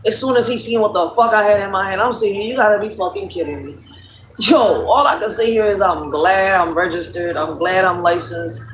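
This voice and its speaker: A hoarse woman with a Philadelphia accent hosting a casual livestream, telling stories bluntly with plenty of profanity. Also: medium pitch, fairly even intonation, fairly quick, few pauses, a little hiss or hum. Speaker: live stream host. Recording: roomy echo.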